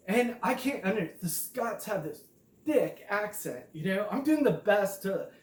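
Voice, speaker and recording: A man's voice: high-pitched, echoey room. A man giving a casual, rambling monologue, full of fillers and swearing, and calling everyone dude. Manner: rambling, profane, filler-heavy, says dude a lot. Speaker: self-published author and vlogger.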